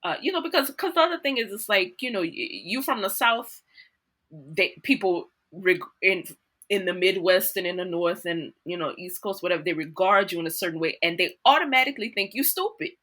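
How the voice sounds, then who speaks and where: Animated New Orleans woman telling stories. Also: lowish voice, fairly quick. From New Orleans, USA. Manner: animated, laughs often, acts out quotes. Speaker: guest actor. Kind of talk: casual interview storytelling.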